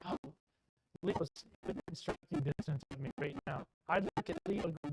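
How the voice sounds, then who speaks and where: A man's voice: on the high side, normal speed, over loud music, rough recording. A man preaching a sermon in a church, with an emphatic, repetitive cadence. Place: church sanctuary.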